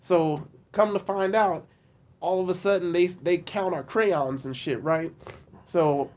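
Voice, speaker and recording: A young man with a high voice tells a story in casual slang on a podcast, animated and quick to break into laughter. His voice jumps way up when he quotes himself. The audio is dull and lo-fi. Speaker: podcast guest.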